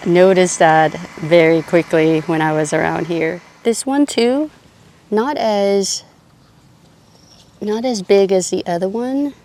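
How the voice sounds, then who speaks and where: A garden vlogger with a somewhat low, slightly mellow voice gives a casual, enthusiastic tour of her outdoor home garden, chatty and prone to small restarts. She's recorded on a clip-on mic outdoors, with a faint air conditioner hum in the background.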